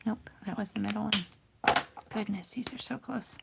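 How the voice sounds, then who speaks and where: During a casual livestream of stamping and coloring, a crafting channel host in her thirties rambles to viewers and pokes fun at herself. She speaks at a moderate pace with a medium-pitched, fried voice over very noisy audio.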